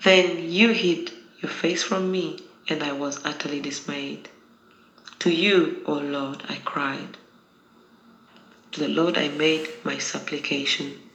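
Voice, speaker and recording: A prayer leader reciting daily liturgical prayers in a slow, measured, solemn way. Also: medium pitch, steady tone, fairly bright tone. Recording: roomy echo.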